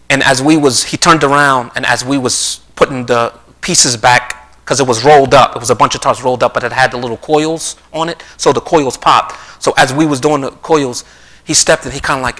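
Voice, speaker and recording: A man's voice: mid-range voice, pushed and bright, low-quality recording. A middle-aged man giving an earnest talk on a live stream, telling stories and often restarting and repeating his phrases. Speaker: speaker on a community live stream. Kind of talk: conversational talk with storytelling. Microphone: streaming mic.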